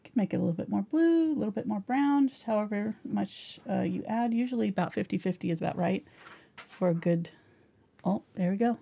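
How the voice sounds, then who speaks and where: A woman's voice: medium pitch, brisk, creaky, warm tone. A middle-aged woman teaching a live painting tutorial, chatting casually while she paints. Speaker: painting instructor.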